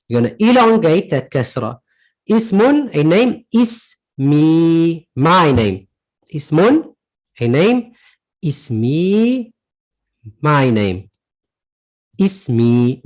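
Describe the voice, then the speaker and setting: A man's voice: a little high, a little mellow, low-quality recording. A man teaching a live online Arabic lesson, repeating each word and its meaning and checking in with "right?". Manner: asks "right?" to check understanding.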